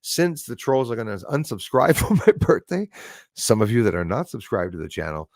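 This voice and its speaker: A man's voice: mid-range voice, expressive, moderate pace, darkish tone, no room sound, studio quality. A Canadian man hosting a livestream, chatting casually and rambling with many fillers as he thanks viewers. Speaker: livestream host. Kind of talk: casual livestream chat reading comments.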